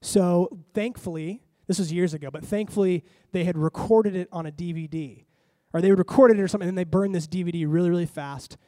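A man pastor preaches in a storytelling way, acting out his own reactions as he goes. His voice sits a little high but has a mellow, warm tone. The sound is close and dry. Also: fairly quick, dry recording. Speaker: lead pastor. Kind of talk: storytelling sermon.

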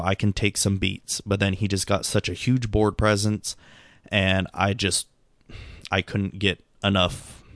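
A middle-aged man with a low, gravelly voice talks through his night in a casual monologue. He sounds tired and subdued, rambling and doubting himself, full of restarts and fillers. The recording is close and dry, with no room sound. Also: fairly bright tone, no echo. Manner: rambling, self-critical, many restarts and fillers. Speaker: vlogger.

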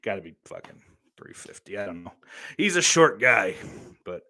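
A man in his thirties with a somewhat low voice, talking off the cuff as a podcast host. He rambles, swears freely, and fills his sentences with ums and likes. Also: sing-song, normal speed, pushed and bright, dry recording. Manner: profane, rambling, heavy on fillers. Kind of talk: casual rambling monologue.

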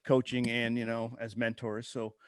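Expressive co-host man, dry sound. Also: medium pitch, moderate pace, clear, resonant tone, no room sound. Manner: expressive, laughs easily. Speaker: podcast co-host. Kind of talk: casual chat.

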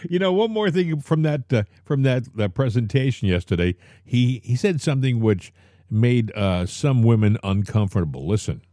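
A man's voice: mid-range voice, very animated, normal speed, warm tone, no echo. A man co-hosting a casual political talk show, joking and mocking with frequent chuckles. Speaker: co-host.

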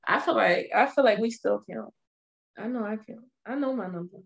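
A woman's voice: mid-range voice, moderate pace, creaky, low-quality recording. A young woman, chatting candidly and telling stories with lots of "like" fillers. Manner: candid, animated storytelling, frequent "like" fillers. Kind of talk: casual chat.

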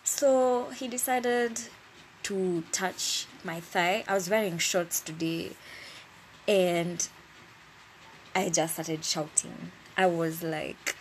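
Woman podcast host, slow and lowish voice, casual storyteller who cusses when annoyed. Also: slight background noise. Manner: animated, exasperated, swears freely.

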